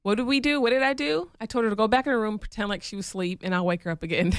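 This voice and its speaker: A woman co-hosting a podcast in casual chat, telling stories in a lively way and acting out the lines she quotes. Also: medium pitch, racing, clean tone, no echo, clean studio sound. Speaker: podcast co-host.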